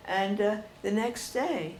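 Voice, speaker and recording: An older woman telling personal stories to an audience in a chatty, animated way. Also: medium pitch, slow, slight background noise. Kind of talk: storytelling talk.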